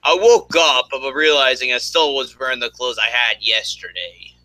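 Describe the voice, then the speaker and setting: A man's voice: medium pitch, moderate pace, sharp tone, no room sound, low-quality recording. A man hosting a casual online chat show, rambling with many fillers and restarts, mildly hungover. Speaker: host.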